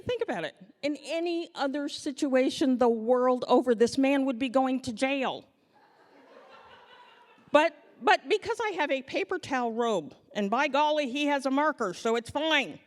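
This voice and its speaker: A woman of ordinary pitch tells a funny story from her own life to a live audience, acting out each scene as she goes. Her delivery is lively and self-mocking. Her voice rings out with the long reverb of a big hall. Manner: animated, acts out scenes, self-mocking humor. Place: stage before an audience.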